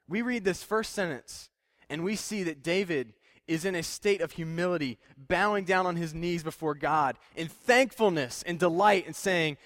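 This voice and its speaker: A man's voice: a little high, moderate pace, fairly bright tone, dry recording, clean studio sound. A young man preaching a conversational sermon, plain-spoken and self-deprecating, with frequent fillers and restarts. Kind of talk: casual sermon.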